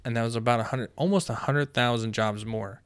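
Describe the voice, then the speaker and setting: A man's voice: medium pitch, a little fast, clean tone. A man co-hosting a podcast in loose, profane casual chat, rambling with restarts. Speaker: podcast co-host.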